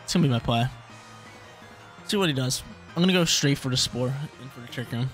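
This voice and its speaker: A young man talks through his online battle as it plays out, thinking aloud and repeating himself when things get tense. His voice sits at an ordinary male pitch. Faint music plays under his talk. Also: a little fast, fairly bright tone. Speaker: gaming YouTuber. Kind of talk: live gameplay commentary.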